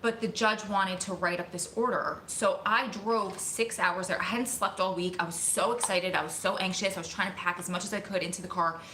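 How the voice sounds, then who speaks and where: A woman vlogger telling a story to her viewers in an excited, emotional, rushing way. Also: on the low side, a little hiss or hum. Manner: excited, emotional, talks fast in bursts. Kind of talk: casual storytelling to camera. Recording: echoey room.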